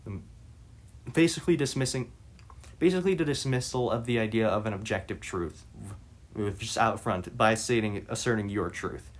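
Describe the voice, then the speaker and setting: A man reading interview passages aloud and commenting on them, halting with frequent restarts and fillers. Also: lowish voice. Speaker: reader and commentator.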